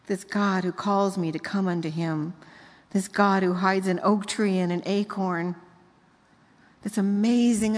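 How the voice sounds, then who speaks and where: An older woman preaching to a gathering, telling warm family stories and climbing into bright, emphatic peaks. Her voice rings out with a long reverb from a large hall. Her pitch sits in a typical middle range. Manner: storytelling, rising to emphatic high notes. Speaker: speaker. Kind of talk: sermon.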